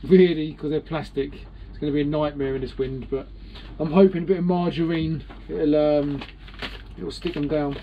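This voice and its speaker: A man's voice: fairly high pitch, fairly even intonation, normal speed, dull audio, slight background noise. A man with a British accent vlogging from his boat about repairs, rambling and self-mocking as he chats to his viewers. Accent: British English. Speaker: sailing vlogger. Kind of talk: casual vlog to camera.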